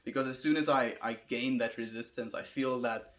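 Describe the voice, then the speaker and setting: A man's voice: mid-range voice, normal speed. Laid-back South African man chatting. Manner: calm, laid-back, calls viewers friend. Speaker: livestreamer reading chat. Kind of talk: relaxed livestream chat.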